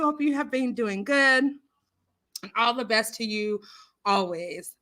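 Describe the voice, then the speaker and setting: A woman's voice: a little high, animated, normal speed, bright, forceful tone. A woman hosting a casual livestream, reading viewer comments aloud in a chatty, giggly, rambling way with lots of fillers. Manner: talks with her hands. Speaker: livestream host.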